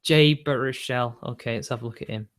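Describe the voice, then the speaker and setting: Chatty streamer. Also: male voice, medium pitch, steady tone, brisk. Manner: rambling, opinionated, laughs often between remarks. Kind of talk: casual livestream chat answering viewers.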